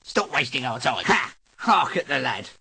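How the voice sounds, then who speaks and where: An actor playing the pompous, condescending leader of a circle of wizards. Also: male voice, mid-range voice, sing-song, normal speed, creaky, pushed and bright, slightly rough, no echo, exaggerated voice.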